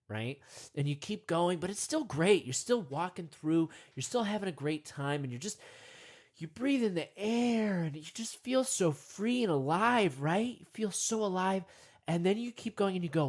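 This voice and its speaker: This comic meditation monologue comes from a young man at a moderate pace; he wanders along, muttering to himself and springing into excited, high-pitched voices.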